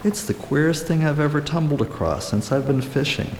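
A gruff, plain-spoken fisherman with a blunt, rough way of putting things, as a male reader plays him, a little higher than the narrating voice. It rings through an echoey room with a long tail of reverb and a faint hiss. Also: normal speed, a little mellow, natural voice. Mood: musing.

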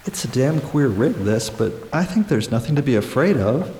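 A man doing a blunt, gruff fisherman. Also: medium pitch, very animated, moderate pace, mellow, slight background noise, natural voice. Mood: urgent. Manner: blunt, rough-spoken. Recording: echoey room with long reverb.

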